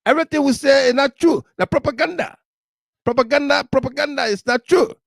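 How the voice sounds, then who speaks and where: A man putting on a high, sing-song, mocking impression of a male political spokesman. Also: vocal fry, dry recording, studio quality. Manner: sing-song, taunting, rapid.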